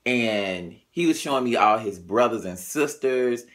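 A man from Tennessee, tired in the early morning, telling a story casually to camera in a blunt, chatty, profane way. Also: measured pace. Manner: animated, chatty, blunt and profane, jumps pitch when quoting others. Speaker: vlogger.

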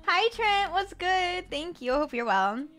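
A woman's voice: extremely high pitch, very animated, slow pace, a bit bright. A young woman from the Florida Panhandle chatting casually with her live-stream viewers, rambling with lots of fillers and stumbling over her words. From Florida Panhandle, USA. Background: faint music.

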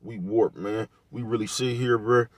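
A man with a lowish voice speaks in in a loose, repetitive rant. He drops slang and profanity all the way through, recorded dry and close with no room sound. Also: fairly even intonation, moderate pace, no room sound. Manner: laid-back, repetitive, peppered with slang and profanity. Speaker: vlogger giving commentary. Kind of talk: casual rant to camera.

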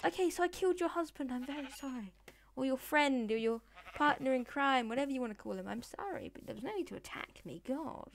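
Playing Minecraft, a woman talks to the mobs and villagers in casual commentary, cursing in a playful way. Her high voice is expressive, brisk, and creaky, with slight background noise behind it.

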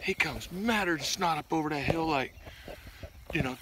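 A man tells a hunting story outdoors by a pig trap, animated and laughing, acting out the voices in it. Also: fairly high pitch, normal speed, background noise. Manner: animated, laughing, acts out voices in his stories. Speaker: pig hunter and vlog host. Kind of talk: casual storytelling to camera.

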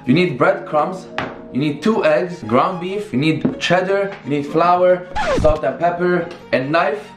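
Working through a recipe in a home kitchen, a young cooking vlogger chats in an upbeat, casual way, speaking a little slowly with a fairly high voice. The camera is held by another person, picking up a roomy echo, and clear background music runs underneath.

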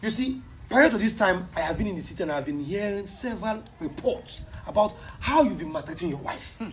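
A woman playing an elder brother who scolds his sibling, excitable and fast. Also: mid-range voice, natural voice, rough recording. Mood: scolding. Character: elder brother calling a family meeting.

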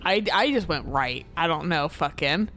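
A woman's voice: deep voice, expressive, normal speed, a bit bright, soft background music. A woman co-hosting a gameplay video, chatting casually, swearing and joking about herself as she plays. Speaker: gameplay co-host.

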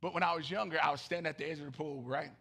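A middle-aged man preaching a lively sermon, jumping between shouted lines and low, quiet asides. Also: very fast, gravelly, husky. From Southern United States. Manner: animated storytelling, swinging from loud shouts to low murmurs. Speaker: pastor. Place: church sanctuary.

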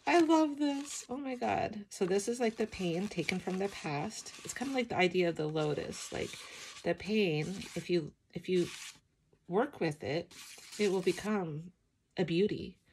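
A middle-aged woman with a sleepy morning voice, chatting softly and emotionally as she flips through her art journal, with many ums. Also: lowish voice, unhurried, a little hiss or hum. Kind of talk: casual flip-through chat.

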